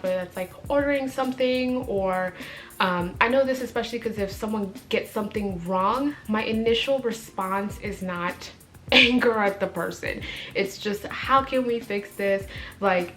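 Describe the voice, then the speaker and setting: A woman's voice: medium pitch, normal speed, a bit bright. Young woman, sassy, emphatic, casual vlog advice, faint music underneath. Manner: sassy, emphatic, repeats warnings with "okay?". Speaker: vlogger.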